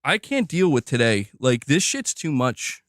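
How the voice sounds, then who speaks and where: A man's voice: medium pitch, big pitch swings, measured pace, a bit bright, no echo, studio quality. A man hosting a casual gaming livestream, joking and swearing freely as he talks to chat. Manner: loose, profane, joking. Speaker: livestream host.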